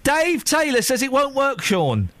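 A man hosting a radio phone-in. His voice sits high and swings widely up and down as he teases callers and co-hosts. His delivery is quick and playful, broken up with bursts of laughter. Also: huge pitch swings, noisy background. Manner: playful, teasing, laughs often. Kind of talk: lively radio phone-in chat.

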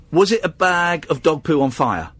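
A man's voice: a little high, animated, measured pace, fairly bright tone, breathy edge. A man hosting a radio show, bantering casually and teasing with incredulous outbursts.

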